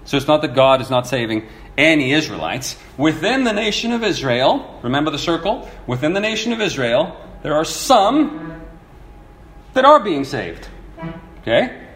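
A man preaching a sermon, telling a parable and reading verses in an animated, storytelling way, acting out the quoted voices. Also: a little high, normal speed, a little hiss or hum. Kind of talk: sermon teaching. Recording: echoey room with faint ambience.

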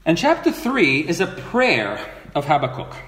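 A man's voice: fairly high pitch, wildly swooping pitch, measured pace, fairly bright tone. Earnest male preacher in echoey room. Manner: earnest, rhetorical questions, reads scripture aloud. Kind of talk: sermon.

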